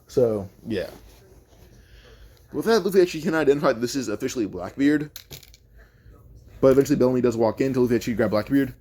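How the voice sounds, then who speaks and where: A man with a dark, mellow tone and a middle-of-the-road pitch tells a fan-made story off the cuff. He rambles and thinks out loud, and often stops to correct himself. The delivery is loose and conversational rather than scripted. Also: lively intonation, fast talker, long pauses. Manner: rambling, thinks aloud with many self-corrections. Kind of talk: casual improvised retelling.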